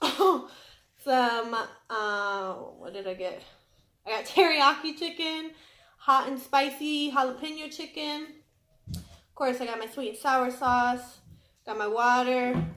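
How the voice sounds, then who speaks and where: A woman's voice: fairly high pitch, a bit bright, roomy sound. A young woman vlogger chatting casually and apologetically while eating on camera. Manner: chatty and apologetic, talking between bites. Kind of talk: casual eating vlog chat. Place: home room indoors.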